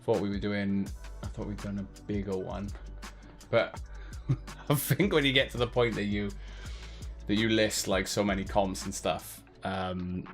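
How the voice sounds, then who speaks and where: A man's voice: lowish voice, unhurried, soft background music. A man hosting a giveaway livestream, chatting casually to his viewers in a loose, rambling way full of fillers and restarts.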